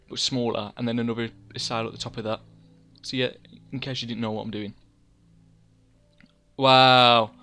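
Medium-pitched and a bit bright, this young man from England runs a gaming channel. As he plays, he chats and rambles, teasing himself by scolding himself in the third person.

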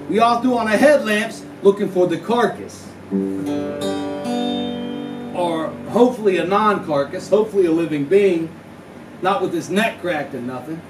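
A man telling a profane tall tale live, in a drawling deadpan manner broken by sudden yelps. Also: sits high, recorded from a distance. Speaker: storyteller. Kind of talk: live spoken-word storytelling over guitar. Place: live venue. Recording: roomy live recording from off mic. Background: plucked guitar music.

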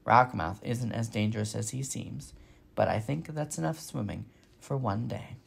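A man voicing a brisk, motherly old female goose in a storybook reading, kindly instructing and bossy. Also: medium pitch, vocal fry, slight background noise. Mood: amused. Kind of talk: storybook read-aloud.

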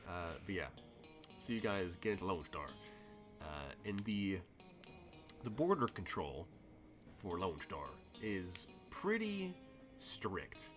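A man's voice: low voice, big pitch swings, slow, long pauses, over music. A man narrating as game master, rambling and laughing often, thinking aloud as he goes.

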